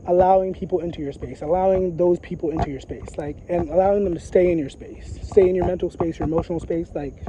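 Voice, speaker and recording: Casual vlogger, male, high voice, dull lo-fi audio, rambling and profane. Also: dark tone, slight background noise. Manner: profane, repetitive, emphatic, frequent filler phrases. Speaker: psychic vlogger. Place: outdoors in a graveyard.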